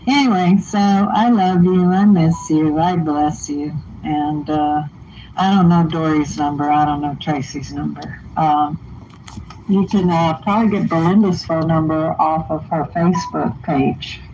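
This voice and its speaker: An older woman speaking on a phone call, slow and hesitant, rambling with many fillers. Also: low-pitched, fairly even intonation, warm tone, slight background noise. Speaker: host's mother on a call.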